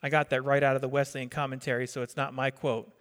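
A man's voice: medium pitch, level tone, fast, a bit bright. A middle-aged man from New Jersey preaching a sermon in a conversational way, quizzing the congregation and repeating his words. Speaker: pastor. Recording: long reverb of a hall.

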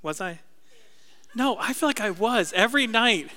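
A man's voice: high voice, expressive, moderate pace, pushed and bright, long reverb tail. A middle-aged man, a pastor, preaching a sermon in a conversational, self-deprecating storytelling way.

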